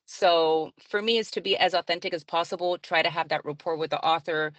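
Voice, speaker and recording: A woman's voice: fairly low pitch, steady tone, brisk, dry recording. A woman who narrates audiobooks and works as a librarian, answering interview questions in a chatty way, often laughing and using fillers.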